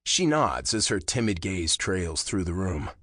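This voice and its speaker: A man with a lowish voice narrating a first-person romance audiobook in a slow, intimate way. His pitch moves a great deal, dipping low and lifting for emphasis, and the studio sound is dry and close. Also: very animated, a bit bright, dry recording.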